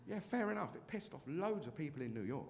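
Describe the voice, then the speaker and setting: A man's voice: on the high side, very animated, quick pace, vocal fry, noisy background. A man performing a brash, self-mocking stand-up comedy set on a club stage.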